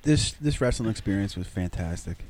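Man, podcast co-host, lively up-and-down delivery, profane. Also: on the low side, a little fast. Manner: animated, acts out quotes, swears a lot. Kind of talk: casual chat.

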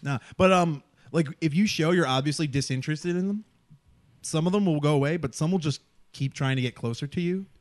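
A man's voice: a little high, fairly quick. A man co-hosting a podcast, telling a casual story with laughs along the way. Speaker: podcast co-host.

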